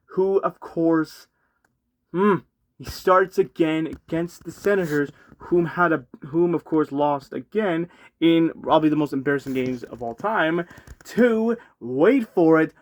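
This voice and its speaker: Exasperated man ranting about hockey. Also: a little high. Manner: exasperated, rambling, frequent restarts and outbursts. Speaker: hockey fan ranting on his channel. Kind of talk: unscripted sports rant.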